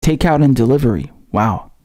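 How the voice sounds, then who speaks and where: A man's voice: mid-range voice, lively intonation, brisk, darkish tone. A man hosting a political commentary livestream, chatting loosely with viewers in a slangy, repetitive, off-the-cuff way. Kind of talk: casual livestream chat.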